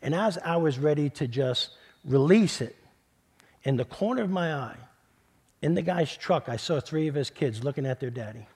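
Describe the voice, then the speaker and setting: Middle-aged pastor telling a story. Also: male voice, on the high side, lively intonation, moderate pace, slightly rough. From New York. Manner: conversational, repeats words, builds then drops to a hush. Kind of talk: sermon storytelling.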